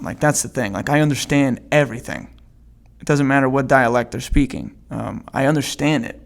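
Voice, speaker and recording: A man's voice: medium pitch, creaky. A young man hosting his own podcast, chatting casually in an upbeat, rambling way with lots of ums and restarts. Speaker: podcast host. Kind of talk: casual solo podcast chat.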